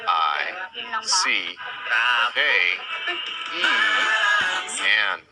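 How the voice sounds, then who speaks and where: A man teaching young children, slowly naming animals, asking simple questions and spelling each word letter by letter. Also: low voice, wildly swooping pitch, over loud music, low-quality recording.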